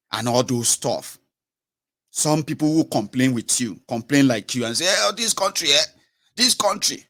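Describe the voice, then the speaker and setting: A man delivering a blunt, moralizing political commentary with frequent filler pauses. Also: lowish voice, fairly bright tone.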